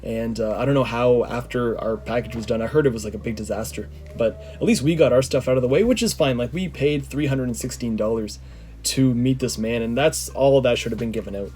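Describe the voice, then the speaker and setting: A slightly hoarse man telling a story in a casual, rambling way, with many "like" fillers. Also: medium pitch, brisk, a little mellow, slight background noise. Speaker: vlogger.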